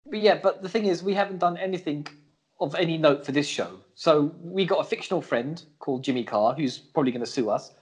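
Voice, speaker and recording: A man's voice: a little high, a little fast, husky. A man co-hosting a comedy podcast, teasing his partner and reading out scripted jokes. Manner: lively, teasing, reads scripted jokes aloud. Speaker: podcast co-host. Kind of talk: bickering comedy podcast banter.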